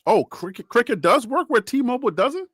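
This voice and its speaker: High-voiced man reacting live to a game. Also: moderate pace, slightly rough, no room sound, clean studio sound. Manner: animated, talks straight to chat, rambling; shouting and cheering with joy. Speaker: live stream sports reaction host.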